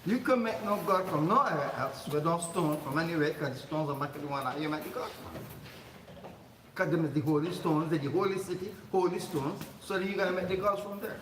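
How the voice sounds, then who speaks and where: A man leads an informal Quran commentary class in a mosque hall, speaking in a chatty, loose way, laughing often and repeating his words. His voice sits a little high and reaches a mic placed far from him. The hall gives a long reverb, and steady noise runs underneath. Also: a little fast. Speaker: religious teacher.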